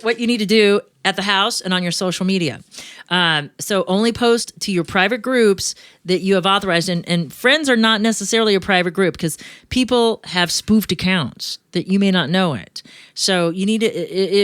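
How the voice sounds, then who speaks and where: A woman's voice: medium pitch, a bit bright, smooth, no echo. Chatty joking woman host, dry sound. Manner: chatty, joking, quick asides. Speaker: show host. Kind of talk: casual radio-show chat.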